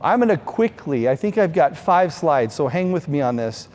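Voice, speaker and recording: Middle-aged man, fundraiser speech, warm mellow voice, earnest storytelling, long reverb. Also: a little high, big pitch swings, moderate pace. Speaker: speaker at fundraising event.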